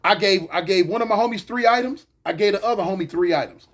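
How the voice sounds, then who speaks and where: A man casually telling a story in slang, punctuating it with "bang" and "boom". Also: fast. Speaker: storyteller recounting prison life.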